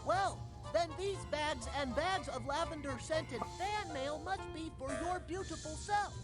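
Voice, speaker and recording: A woman's voice: sits high, a little slow. A woman voicing a haughty, theatrical stage character in a video game, speaking mockingly. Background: loud game music.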